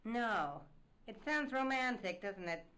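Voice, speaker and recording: An actress playing a prim, chatty clinic receptionist in a video game. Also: female voice, a little high, animated, slow pace, sharp tone, full character voice. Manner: prim, gossipy.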